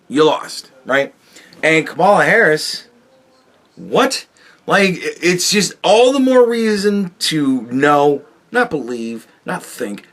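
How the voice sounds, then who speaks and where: A man hosting his own show, ranting about politics in a profane, animated way, with loud outbursts and low mutters. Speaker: podcast host.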